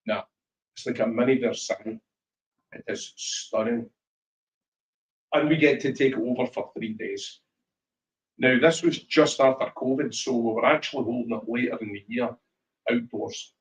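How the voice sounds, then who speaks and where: A Scottish man telling lively whisky stories as a guest speaker at a tasting, acting out voices as he goes. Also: medium pitch, normal speed, pauses often, roomy sound, distant mic, poor audio. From Scotland. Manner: animated storyteller, acts out voices in anecdotes. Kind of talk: live storytelling chat at a tasting. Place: shop tasting room.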